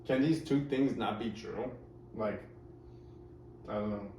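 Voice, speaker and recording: This man speaks slowly in a warm, lowish voice as he hosts a reaction video, rambling over clips with sarcastic asides. The recording sounds roomy, with a distant mic and a little background noise.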